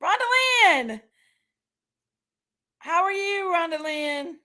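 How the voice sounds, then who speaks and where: A chatty woman hosts a casual livestream, greeting viewers by name and laughing easily. Her voice sits high and bright in pitch. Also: slow pace. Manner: chatty, reads viewer names aloud and laughs often. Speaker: livestream host.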